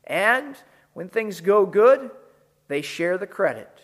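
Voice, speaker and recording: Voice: mid-range voice, sing-song, slow. A pastor preaching a sermon in an earnest, emphatic, conversational way.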